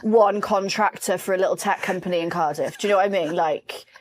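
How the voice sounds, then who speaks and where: A woman, casually telling workplace stories as a podcast co-host and mimicking a colleague in a low mocking voice. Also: a little fast. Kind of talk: casual storytelling chat.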